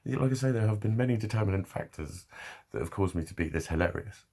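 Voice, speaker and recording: Gravelly low-voiced man, rambling. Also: lively intonation, quick pace, a little mellow. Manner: swears a lot, laughs often, loose and chatty. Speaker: vlogger. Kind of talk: casual rambling monologue.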